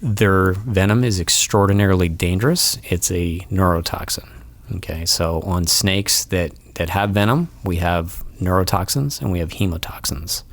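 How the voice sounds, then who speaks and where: A wildlife removal expert from Florida explains pests to the hosts of a casual studio interview, patient in manner but full of ums and restarts. His voice is low and moves at a normal speed. It's recorded on a studio mic with no room sound.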